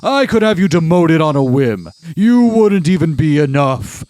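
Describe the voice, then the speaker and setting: A man's voice: a little high, lively intonation, moderate pace, darkish tone, no echo, pitched above the performer's own voice, lightly acted. A man voicing an intense, furious elderly male congressman who rants pompously and threatens. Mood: threatening. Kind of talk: reading a game aloud with voices.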